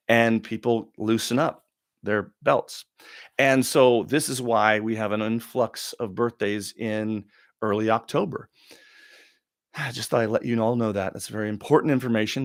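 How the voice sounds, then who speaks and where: Low-voiced man rambling on a livestream. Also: dry recording, studio quality. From Oregon, USA. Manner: rambling, confessional, with long pauses and restarts. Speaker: livestream host. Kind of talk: casual livestream Q&A monologue.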